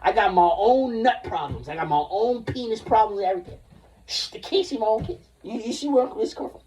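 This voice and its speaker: Man, forties, livestream ranter: rambling and profane, fairly high voice, recorded off-mic. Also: expressive, brisk, a little mellow, distant mic. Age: 40s. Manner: rambling, profane, jumps between topics.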